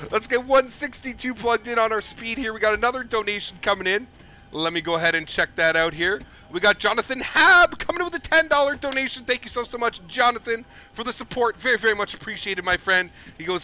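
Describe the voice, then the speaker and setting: A young man with a high, bright voice talks through a flight simulator stream. He is upbeat and effusive, thanking donors again and again between cockpit steps. His delivery stays loose and chatty. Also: fairly quick. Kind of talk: live gameplay commentary.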